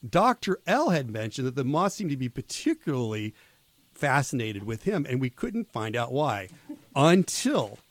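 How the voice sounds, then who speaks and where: A man's voice: mid-range voice, sing-song, moderate pace, no room sound. A man in his fifties hosting a college radio show, telling stories in a loose, rambling way with many restarts. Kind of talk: casual on-air chat. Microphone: studio microphone.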